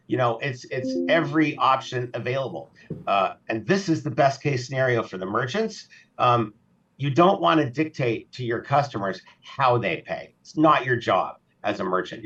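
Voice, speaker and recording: A man's voice: mid-range voice, fairly bright tone, far from the mic, dull audio. A man speaking as a guest on a podcast, talking casually and animatedly, acting out shoppers in little voices. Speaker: podcast guest, payments specialist.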